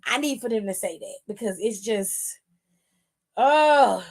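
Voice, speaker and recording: A young adult woman hosting a wrestling aftershow, talking straight to her viewers in animated, casual commentary with some swearing. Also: medium pitch, slow pace. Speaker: wrestling show host.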